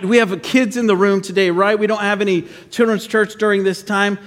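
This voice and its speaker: A male pastor preaching in a church, telling an animated story and leading prayer. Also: sits high, moderate pace, hardly any pauses, long reverb tail. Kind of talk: sermon with children's story. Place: church sanctuary.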